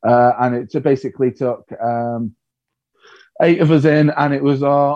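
In a podcast interview, a male comedian guest tells stories candidly, with animated delivery and self-deprecating humour. His voice sits in the mid range, and the audio is dull with no echo.

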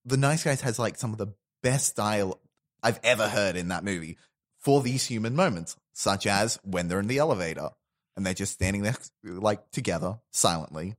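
A man's voice: lowish voice, moderate pace. A man in casual chat on a podcast, retelling favorite film lines, often laughing and putting on voices for the quotes. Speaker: podcast co-host.

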